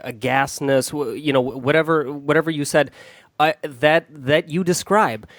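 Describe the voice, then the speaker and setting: Male guest in a heated debate, measured and halting, dry close recording. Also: a little high, dry recording. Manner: stammering, measured, supportive. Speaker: podcast guest.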